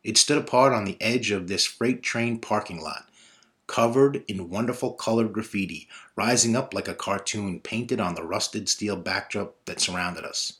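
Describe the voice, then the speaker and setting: A man narrating a personal story in a measured, reflective way. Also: on the low side, a bit bright.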